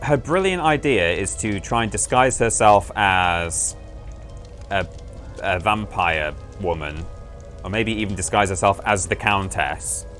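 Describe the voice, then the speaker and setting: A man's voice: lowish voice, animated, a little slow, a bit bright. Chatty man streaming a game. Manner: chatty, amused, rambling, self-correcting. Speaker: livestream host playing a game. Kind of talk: casual gameplay commentary. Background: faint game music.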